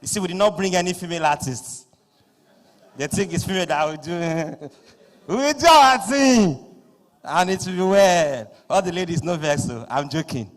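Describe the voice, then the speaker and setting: Nigerian man hosting a conference stage. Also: a little high. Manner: loud, playful, mixing in pidgin asides. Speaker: master of ceremonies. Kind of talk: live event hosting. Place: large conference hall. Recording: echoing hall through PA.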